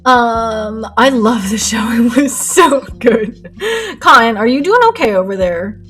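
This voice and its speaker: A young woman streaming her painting and chatting with viewers in an excitable, rambling way, laughing often. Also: fairly high pitch, unhurried. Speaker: art streamer. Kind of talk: casual chat while painting live. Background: faint lo-fi music.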